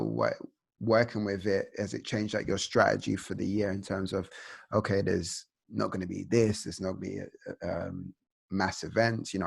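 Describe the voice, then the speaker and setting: A man's voice: lowish voice, creaky. A man hosting a casual interview, talking loosely with lots of slang and fillers. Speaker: podcast host.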